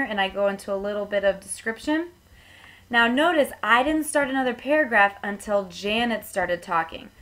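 A woman's voice: mid-range voice, fairly bright tone. Woman teacher explaining step by step. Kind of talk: classroom tutorial.

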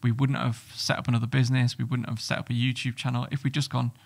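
A middle-aged man with a gravelly, fry-edged voice. He speaks bluntly and swears freely, telling stories in an animated way as a podcast guest. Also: medium pitch, fast. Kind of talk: casual podcast chat.

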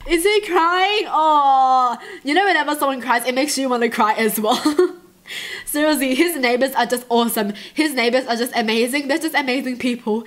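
A woman's voice: sits high, moderate pace, a bit bright. A woman vlogger reacting to touching photos in a gushing, emotional way, often giggling. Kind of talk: casual reaction commentary.

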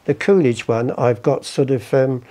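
A man's voice: medium pitch, moderate pace, warm tone. A man, a podcast guest rambling through anecdotes, swearing and acting out the people in them. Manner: rambling, swears, acts out the people in his stories. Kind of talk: casual anecdotal storytelling.

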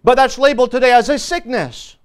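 A man teaching a Sunday school lesson as pastor, earnest and emphatic, often pausing on fillers. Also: extremely high pitch, smooth. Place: church.

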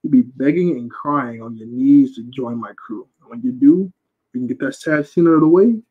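A man's voice: medium pitch, normal speed, breathy edge, phone-quality sound, lightly acted. A man voicing a smug, scheming male pirate villain who taunts his captive. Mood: taunting.

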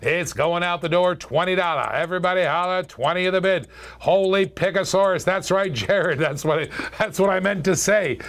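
Man, slightly high voice, live auction host, chatty joking patter, calls out bids. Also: fairly bright tone.

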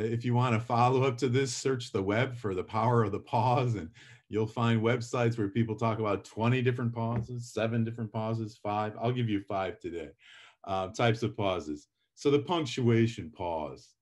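A middle-aged man teaching public speaking in a live lecture, chatty and self-deprecating, acting out his examples with drama. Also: medium pitch.

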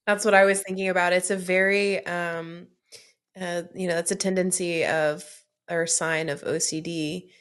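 A woman co-hosting a podcast, explaining ideas in a measured casual chat. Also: on the low side, level tone, a bit bright. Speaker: podcast co-host.

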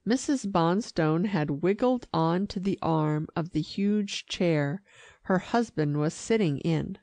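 A woman narrating an audiobook in a measured storytelling manner. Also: on the low side, warm tone, dry recording.

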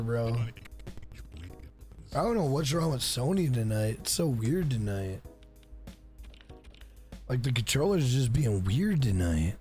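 A man's voice: a little high, a little mellow. A man streaming a fighting game live, talking casually, swearing freely and trash-talking the opponent. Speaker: gaming streamer.

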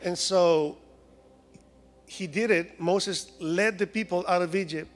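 A man's voice: high voice, slow pace, long reverb tail, soft background music. A man from Mexico with a Mexican Spanish accent, preaching a humorous sermon in a church. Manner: humorous, acts out voices of complaining people. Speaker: guest preacher. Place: church sanctuary.

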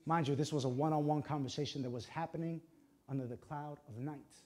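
A man preaching a sermon with passion, swinging between hushed and loud delivery and using dramatic pauses and short emphatic phrases. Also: a little high, fairly even intonation. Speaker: pastor.

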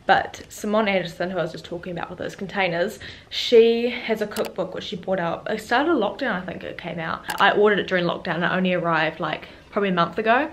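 A teenage girl vlogging casually, chatty and quick, turning earnest and close to tears as she speaks her mind. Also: lowish voice, slight background noise. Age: teens. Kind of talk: casual day-in-the-life vlog and rant.

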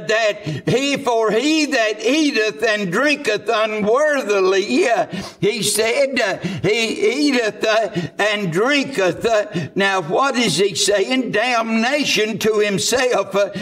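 A man's voice: high-pitched, fairly bright tone. A man with a Southern US accent preaching a sermon in a church, fervent and full of "uh" fillers. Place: church sanctuary.

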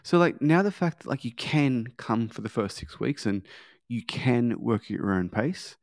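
A man's voice: mid-range voice, expressive, normal speed, darkish tone, dry recording, studio quality. A man teaching sales, speaking conversationally with frequent filler words and acting out scripted lines. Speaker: sales trainer. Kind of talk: sales training with role-play.

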